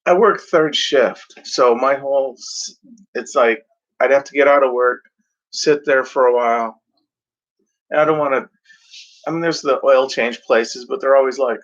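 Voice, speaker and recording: A vlogger with a mid-range voice and moderate pace rambles and swears through a casual rant at home, a blanket behind him, mimicking other drivers mockingly. It's a dull, lo-fi home recording.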